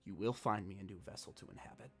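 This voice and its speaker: A man voicing a bitter, vengeful female ghost warlock who swings from hushed whispers to snarls. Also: rumbling low, fast, gravelly, soft background music. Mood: menacing.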